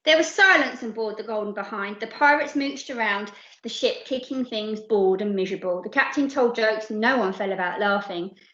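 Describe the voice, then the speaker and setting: A woman reading a children's picture book aloud, lively and putting on voices for the characters. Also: mid-range voice, moderate pace, roomy sound, highs cut off. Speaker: storyteller.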